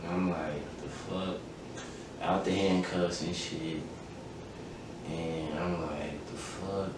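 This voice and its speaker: He speaks slowly in a low-pitched voice with fairly even intonation, a young adult podcast host sharing something from his own life. The telling is casual and emphatic, packed with swearing and acted-out quotes. Recorded far from the mic in a highly echoey room, with faint noise underneath.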